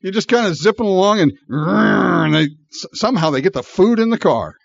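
A man's voice: sits high, vocal fry, husky, lo-fi sound. A man preaching a sermon in a conversational way, acting out the people in the story and laughing often. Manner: animated and conversational, acting out voices with frequent laughs. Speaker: pastor.

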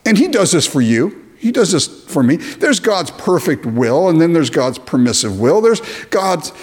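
A man preaching a sermon, animated and chuckling often, acting out little dialogues in his talk. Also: a little high. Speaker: pastor.

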